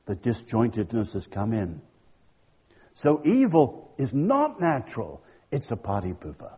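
Older guy preaching, husky mellow voice, really lively up and down, tells stories with punch. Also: medium pitch. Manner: emphatic, storytelling. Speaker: Christian speaker. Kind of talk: sermon-style lecture.

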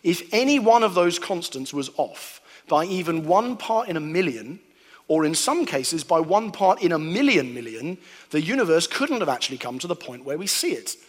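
A man giving a lively, animated talk to an audience, acting out sounds and voices. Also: fairly high pitch, normal speed. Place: hall with a live audience. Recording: long hall reverb.

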